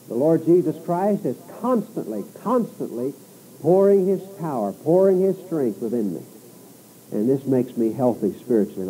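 A man's voice: medium pitch, dark tone, a little hiss or hum, rough recording. A man preaching an expository sermon, reading scripture with rising emphasis and turning to the listeners with conversational asides and rhetorical questions.

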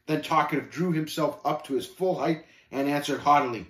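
A man reading a story aloud in a church setting, with animated, expressive storytelling. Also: a little high, a little fast, hardly any pauses, echoey room. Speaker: reader. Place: church room.

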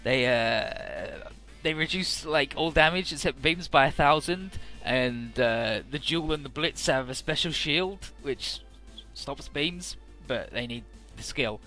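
A man casually recapping a video game story, rambling with filler words and quick character voices. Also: mid-range voice, expressive, pushed and bright, faint music behind. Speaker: let's play narrator.

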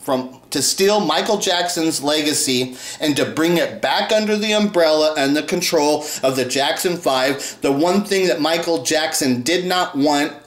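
Sweary angry vlogger ranting, scornful, mid voice, roomy echo. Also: medium pitch. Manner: profane and scornful. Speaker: commentary vlogger.

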